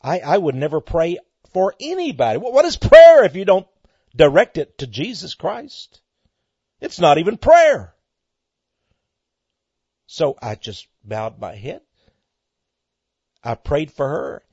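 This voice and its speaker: Fervent Texan preacher, husky and lively. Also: male voice, fairly high pitch, a little slow, long pauses, dry recording. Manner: fervent, swells loud on key words, repeats words. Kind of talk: preached radio sermon. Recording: dry, muffled lo-fi recording.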